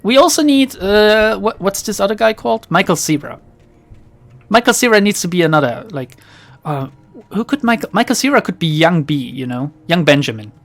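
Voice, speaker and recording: A streamer chats casually while playing, drifting from tangent to tangent. The voice sits at a middle pitch but swings in a lively way. Laughs break in often. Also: normal speed, soft background music. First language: German. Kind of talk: casual let's play chat.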